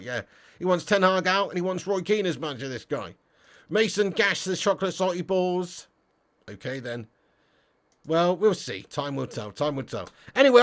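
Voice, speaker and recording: Bloke ranting on a football fan livestream, reads chat, swears a lot, voice on the higher side. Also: male voice. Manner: swearing, blunt, excitable rants. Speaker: football fan channel host. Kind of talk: live stream reading chat comments.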